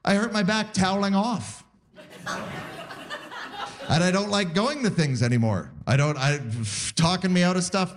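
A man's voice: fairly high pitch, slight background noise. A man in his forties from Canada, doing a live stand-up set and acting out the voices in his stories. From Saskatoon, Canada. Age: 40s. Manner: animated, acting out quoted voices. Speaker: stand-up comedian.

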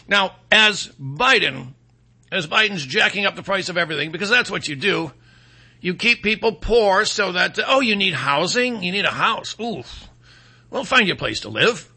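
A man's voice: high voice, animated, normal speed, sharp tone, husky. A middle-aged man hosting a political commentary monologue, sarcastic and mocking, rambling with fillers and restarts.

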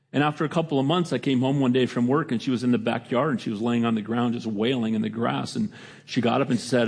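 A middle-aged man preaching a sermon as pastor, his voice jumping up in pitch for emphasis and then dropping to a quiet, low tone. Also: gravelly. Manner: preaching with sudden pitch jumps and quiet drops.

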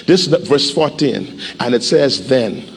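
A man pastor preaching a sermon in a church, animated and urging the congregation to respond. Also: mid-range voice, moderate pace, creaky, breathy edge, big-room sound. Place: church sanctuary.

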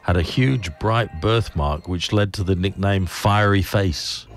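A man's voice: sits low, a little slow. A man hosting a comic trivia monologue, rambling from fact to fact, correcting himself and chuckling. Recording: loud music behind.

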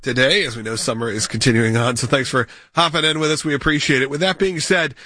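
A man hosting a talk radio show, his voice scratchy and strained as he briskly thanks a guest and appeals for donations. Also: fairly even intonation, pushed and bright, no echo. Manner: brisk, upbeat sales pitch.

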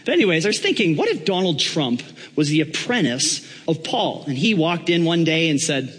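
A pastor preaches in a conversational way, joking with his congregation. His voice is husky and rises and falls a lot. A long reverb from a large hall follows him. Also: a little high, very animated, moderate pace, fairly bright tone. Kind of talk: sermon.

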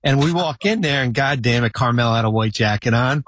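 A man's voice: medium pitch, brisk, a bit bright, no room sound. A man on a talk show telling long, rambling stories full of restarts and fillers. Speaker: guest. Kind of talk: casual storytelling.

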